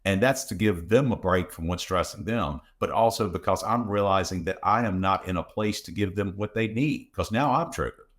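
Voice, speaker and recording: A man's voice: low-pitched, moderate pace, few pauses. A father chatting on a podcast, telling family anecdotes and acting out what he and his kids say. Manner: anecdotal, acts out his family's voices in quotes. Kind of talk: casual podcast conversation.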